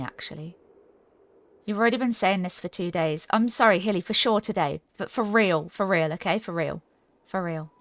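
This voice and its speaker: A woman's voice: mid-range voice, no room sound. Giggly woman streamer chatting. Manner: chatty and giggly, reads chat aloud. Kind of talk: casual live-stream chat while gaming.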